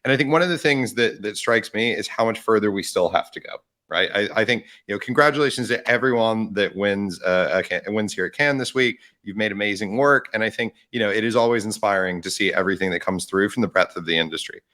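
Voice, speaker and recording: A man's voice: on the low side, fast talker, few pauses, sharp tone. A man co-hosting a podcast in casual chat, thoughtful and hedging his points. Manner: thoughtful, hedging with "I think" and restarts. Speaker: podcast co-host.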